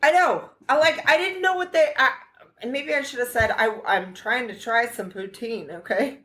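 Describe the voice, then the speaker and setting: A woman from the United States telling a story on a podcast, animated and profane, acting out the dialogue as she goes. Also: fairly high pitch, normal speed. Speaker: podcast co-host. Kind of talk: casual storytelling chat.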